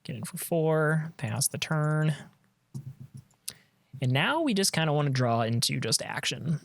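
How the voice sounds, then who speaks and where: A man's voice: fairly high pitch, big pitch swings, measured pace, vocal fry, no echo. A man giving casual commentary on his own card game match, thinking aloud and trailing off mid-sentence, on a close desk mic.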